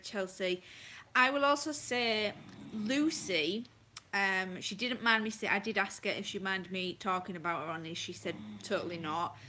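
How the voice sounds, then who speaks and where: A woman's voice: mid-range voice, pushed and bright, a little hiss or hum. A woman hosting a casual livestream on her phone from home at night, chatty and apologetic, greeting viewers by name. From England. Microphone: phone held close.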